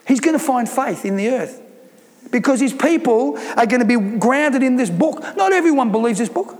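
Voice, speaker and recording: A man's voice: very high-pitched, lively intonation, moderate pace, in a large hall. A male pastor preaching a sermon, emphatic and repeating phrases for stress.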